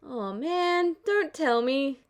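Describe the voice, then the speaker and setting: A woman's voice: sits high, animated, takes it slowly, pitched above the performer's own voice, exaggerated voice. A woman reading the lines of a cheerful, joking young male swordsman in a breezy, teasing way for a fan-fiction audiobook.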